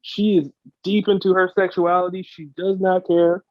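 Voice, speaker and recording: A man's voice: sits high, level tone, normal speed, no room sound. Profane rambling man, dull dry recording. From United States. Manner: profane, rambling, mock-voices. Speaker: podcast co-host. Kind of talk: casual chat, riffing comedic bits.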